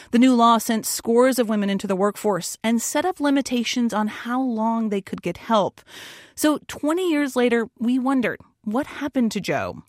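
Woman hosting radio news, kinda high voice, dry close sound. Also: no echo. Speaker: radio host. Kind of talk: scripted news narration.

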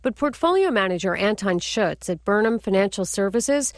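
A woman's voice: mid-range voice, animated, normal speed, no room sound. Woman radio reporter, dry studio sound. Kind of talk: news report.

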